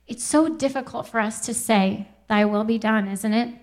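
A young woman giving a Christian testimony talk, earnest and quick to laugh, often quoting scripture. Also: medium pitch, fairly even intonation.

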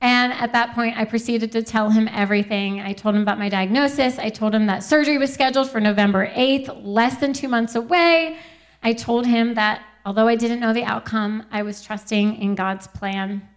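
A young woman giving a Christian testimony talk, earnest and quick to laugh, often quoting scripture. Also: on the high side.

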